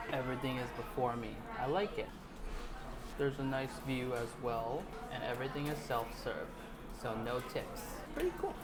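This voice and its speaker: A man in his twenties, wry and joking, talking to his handheld camera as he walks city streets and eats in a restaurant. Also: medium pitch. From China. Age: 20s. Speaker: vlogger. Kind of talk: casual walking vlog. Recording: noisy street recording.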